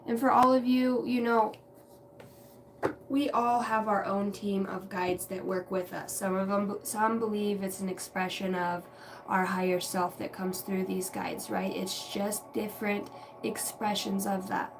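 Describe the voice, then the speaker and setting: A woman's voice: medium pitch, little pitch movement, measured pace. A woman hosts an intuitive reading livestream, drifting from thought to thought in a reflective, chatty way with the odd curse word. She sits some distance from the mic. A faint hum of background noise lingers under her voice. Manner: meandering, reflective, casually profane. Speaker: tarot and intuitive reader.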